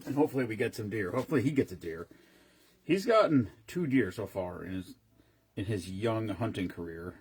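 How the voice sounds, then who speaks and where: A man's voice: fairly low pitch, expressive, fairly quick, husky. A man casually chatting on a live stream, rambling between stories and greeting viewers by name as he mixes drinks.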